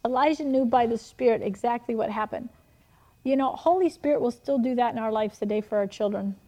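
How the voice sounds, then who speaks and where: A middle-aged woman preaching a sermon, telling animated personal stories with frequent laughter. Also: on the high side, fairly quick.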